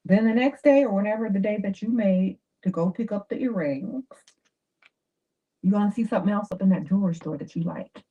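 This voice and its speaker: A woman giving dating advice in a chatty, animated livestream talk. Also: medium pitch, a little fast, breathy edge. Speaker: advice host. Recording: dull lo-fi sound.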